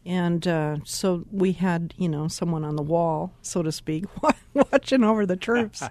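A woman's voice: on the low side, measured pace, a little mellow, no echo. An older woman, a podcast guest, telling reflective stories with many fillers like "uh" and "you know.". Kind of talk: conversational podcast talk.

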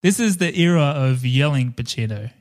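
Thirties male podcast co-host: playful, giggly, lively pitch. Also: moderate pace. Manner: playful, giggly, riffing on jokes. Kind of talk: casual chat.

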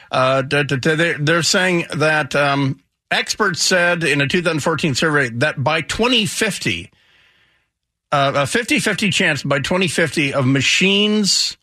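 Wry, bright-voiced talk radio host. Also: male voice, fairly high pitch, a little slow, dry recording. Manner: wry, joking, with stammered restarts. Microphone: studio microphone.

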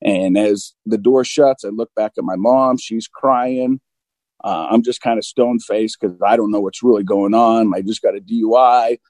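Candid mid-forties man with a mellow voice. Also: on the low side, steady tone, normal speed, no echo, poor audio. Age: 40s. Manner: open and self-deprecating, acts out both sides of dialogue. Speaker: guest recounting recovery. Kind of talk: candid conversational storytelling.

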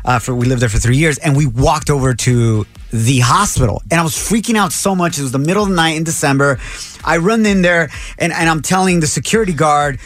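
A man with a fairly high voice hosts a morning talk show. He banters and tells stories playfully, teasing his co-hosts. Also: a bit bright. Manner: playful, teasing, quick to laugh. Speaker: radio morning show host. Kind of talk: casual banter and anecdotes.

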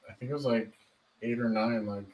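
A man's voice: mid-range voice, steady tone, a little fast, a little mellow, highs cut off. A man co-hosting a podcast, laid-back and swearing casually as he chats. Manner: laid-back, swears a lot, says dude. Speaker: podcast co-host. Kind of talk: casual chat. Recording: voice a bit off-mic.

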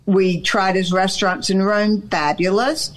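A woman's voice: medium pitch, fairly even intonation, measured pace. A woman from eastern North Carolina with a Southern American accent, telling stories as a guest on a radio interview. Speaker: guest author.

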